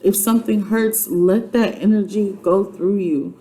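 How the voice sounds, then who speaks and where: A woman's voice: medium pitch, fairly even intonation, unhurried, warm tone, poor audio. A woman giving a casual, heartfelt testimony, chatty and earnest, often repeating herself and using many fillers. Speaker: vlogger sharing a personal testimony. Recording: clear background noise.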